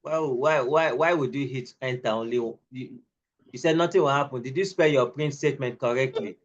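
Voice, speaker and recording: A man's voice: medium pitch, fairly quick, lo-fi sound. A man tutoring a pupil in coding, giving patient step-by-step instructions and repeating himself. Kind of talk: one-on-one online coding lesson.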